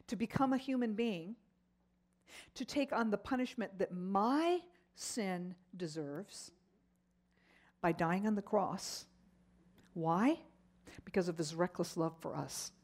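A middle-aged woman teaching a Bible lesson, telling stories in an animated way with frequent exclamations. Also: mid-range voice.

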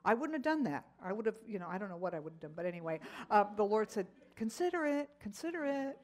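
A middle-aged woman teaching a Bible lesson, telling stories in an animated way with frequent exclamations. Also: mid-range voice, racing.

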